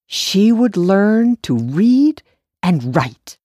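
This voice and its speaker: A woman reading a story aloud as narrator, in an unhurried storytelling manner, lifting the dialogue lines higher. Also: big pitch swings, mellow, no room sound, studio quality. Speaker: audiobook narrator. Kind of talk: scripted narration.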